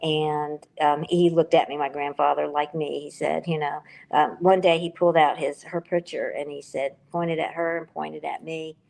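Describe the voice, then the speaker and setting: A woman's voice: deep voice, little pitch movement, normal speed, creaky, few pauses, a little mellow. An older woman, an author being interviewed, talking in a rambling, emotional way and correcting herself as she goes. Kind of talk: casual interview talk.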